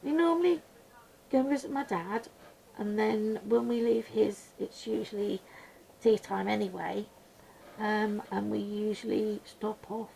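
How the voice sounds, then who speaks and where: A woman chatting casually while she colours at a desk at home, rambling and mumbling quietly to herself, a little blocked up with her voice going gruff. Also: mid-range voice, a little slow, a little hiss or hum, low-quality recording. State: slightly congested, voice going gruff. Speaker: colouring channel host. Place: small room at home.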